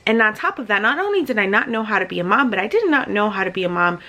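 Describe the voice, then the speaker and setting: A young mother from New Jersey talks straight into her camera in a casual vlog. Her voice has a gravelly edge and sits at an ordinary pitch for a woman. She sounds emotional and excited as she speaks to her viewers. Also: quick pace, low-quality recording. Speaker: vlogger mother.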